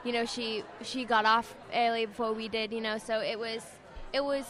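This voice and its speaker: A shy young woman with an English accent, answering interview questions in a soft, hesitant way, full of fillers. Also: on the high side, level tone, moderate pace. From England. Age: young adult. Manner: shy, soft-spoken, trails off with many fillers. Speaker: singing contestant guest. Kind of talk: casual radio interview answers. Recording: crowd chatter at a busy event. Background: event crowd.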